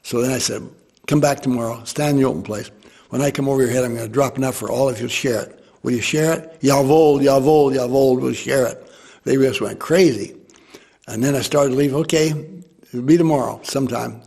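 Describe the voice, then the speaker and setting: An older American man telling a war memory to an interviewer, lively and acting out the people he quotes. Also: medium pitch, brisk, gravelly, slightly rough. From United States. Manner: animated storyteller who voices quoted people. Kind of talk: storytelling.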